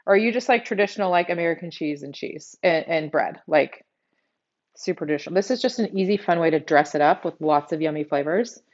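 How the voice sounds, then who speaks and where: A woman's voice: low voice, lively intonation, brisk, a little mellow, muffled recording. A middle-aged woman from South Texas with a Texas accent, hosting a live cooking demo from her home kitchen and chatting straight to her viewers. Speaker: cooking show host.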